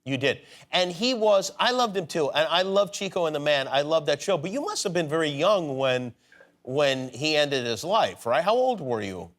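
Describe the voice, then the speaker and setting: A middle-aged man hosting a late-night talk show, prompting his guest with quick questions. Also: a little high, sing-song, fairly bright tone. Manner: quick, prompting interviewer who laughs along.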